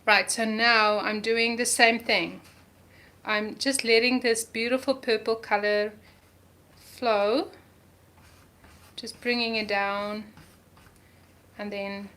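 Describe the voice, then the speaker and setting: Slow, chatty woman art teacher. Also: mid-range voice, pushed and bright, slight background noise. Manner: chatty, talks through each step while painting; enthusiastic about colors, repeats words. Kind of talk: live art journaling lesson.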